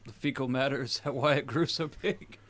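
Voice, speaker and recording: A man's voice: medium pitch, moderate pace, a bit bright. A man joining a podcast in casual chat, joking and giggling.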